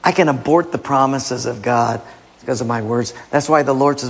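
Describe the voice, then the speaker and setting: Gravelly preacher in an echoing hall. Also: male voice, mid-range voice, normal speed. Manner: animated, acts out voices, quotes scripture. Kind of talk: sermon with acted skits. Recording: long reverb of a large hall.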